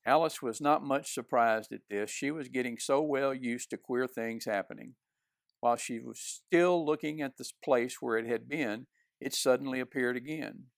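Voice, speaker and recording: A man reads a children's classic aloud in an unhurried, even manner. His voice has a noticeable gravelly fry, sitting at a middle pitch, recorded close and dry. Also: no room sound. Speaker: reader. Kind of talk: reading a children's novel aloud.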